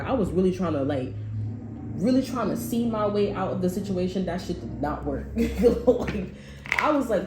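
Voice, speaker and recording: Woman, casual profane chat reading, laughs a lot, warm dark tone, roomy echo. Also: mid-range voice, expressive, normal speed. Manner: loose, profane, slangy storytelling with frequent laughs. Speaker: tarot reader. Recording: echoey room, faint noise.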